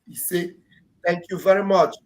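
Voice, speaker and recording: Male host, high voice, encouraging, live online talk show. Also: fairly even intonation, moderate pace. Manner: encouraging, repeats phrases.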